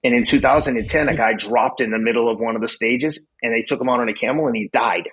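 Husky-voiced profane storyteller in his fifties. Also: medium pitch, fast talker, poor audio. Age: 50s. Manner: blunt, profane, excitable storyteller. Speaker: podcast guest. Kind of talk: casual storytelling.

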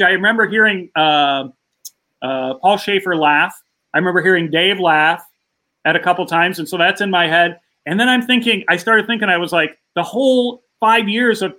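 A man's voice: sits high, sharp tone, poor audio. A man, a stand-up comedian, telling an anecdote as a podcast guest, acting out the voices of the people in it. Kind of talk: casual interview storytelling.

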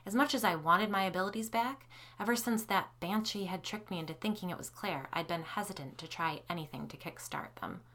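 A woman reading a first-person novel aloud, shifting her pitch and loudness to act out the characters' lines. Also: brisk, hardly any pauses. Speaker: audiobook narrator. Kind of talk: first-person audiobook narration.

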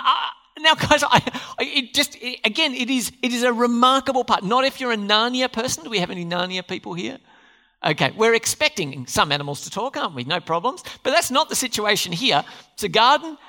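A man preaching a sermon in a church, with a bright, ringing tone. His pitch swings widely as he throws questions at the congregation and answers them himself. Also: a little fast. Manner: animated, asks the congregation questions. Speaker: pastor.

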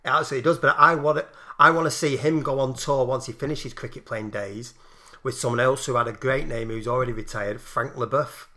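A man's voice: mid-range voice, steady tone, a little fast, bright, forceful tone. A man with a Lancashire accent co-hosting a casual chat, swearing and riffing on funny names. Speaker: podcast co-host.

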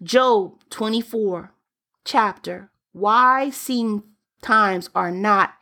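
A woman's voice: mid-range voice, drawn-out words, bright, forceful tone. A woman preaching a sermon in an emphatic, repetitive way, returning to key phrases for emphasis.

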